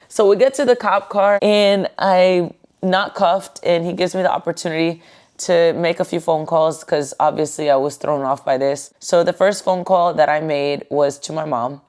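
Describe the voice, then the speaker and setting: A woman with a notably low, deep voice talks through a personal story on her podcast. She is goofy and candid, cracks jokes and swears casually. She is relaxed at home on her couch. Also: moderate pace. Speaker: podcast host.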